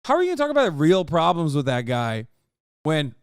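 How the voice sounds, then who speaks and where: A man's voice: a little high, very animated, moderate pace, no room sound, studio quality. A man in his thirties giving profane, sarcastic reaction commentary, ranting at what he watches. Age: 30s. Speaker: streamer reacting to a video.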